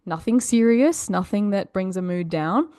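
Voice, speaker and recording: A woman's voice: medium pitch, lively intonation, normal speed, mellow, dry recording, clean studio sound. Upbeat woman hosting a motivational podcast. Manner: upbeat, encouraging, chatty. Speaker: podcast host.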